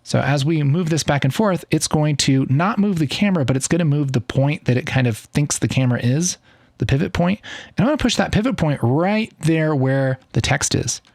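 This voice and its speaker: A man in his thirties walking through a software tutorial in a casual, upbeat and enthusiastic way. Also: fairly high pitch, fairly quick, gravelly, no echo, clean studio sound. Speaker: video editing tutor. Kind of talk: casual screen-recorded tutorial.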